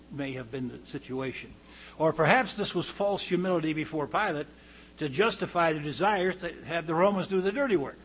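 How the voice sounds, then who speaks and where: A man preaching a verse-by-verse Bible study, reading quotes aloud louder and higher, then dropping low to comment, often clearing his throat. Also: rough recording.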